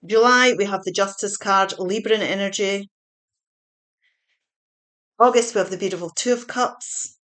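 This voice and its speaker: A woman talks through a tarot reading month by month. She sounds chatty and reassuring, with a mid-pitched voice, and she pauses to correct her own slips before carrying on. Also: a bit bright. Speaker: tarot reader.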